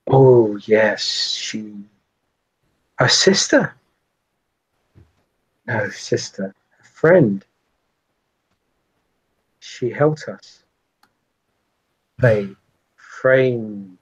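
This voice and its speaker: A man voicing an ancient, haunted female vampire who speaks in slow, halting phrases. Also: lowish voice, husky, full character voice, poor audio.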